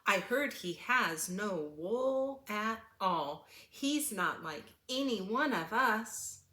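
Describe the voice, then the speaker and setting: A woman's voice: mid-range voice, animated, slow pace, pushed and bright, echoey room. A woman voicing a fussy, questioning sheep in a storybook read-aloud. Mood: puzzled.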